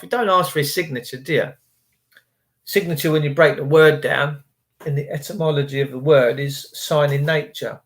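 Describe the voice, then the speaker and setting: A man's voice: a little high, fairly bright tone. A man in his fifties giving a rambling, preachy and indignant rant on his livestream. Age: 50s. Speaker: vlogger on a livestream. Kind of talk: casual ranting monologue.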